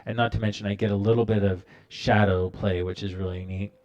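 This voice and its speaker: Man, low voice, casual live-stream tutorial, relaxed, rambling, lots of ums and restarts. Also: fairly quick, highs cut off. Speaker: animator hosting a live stream.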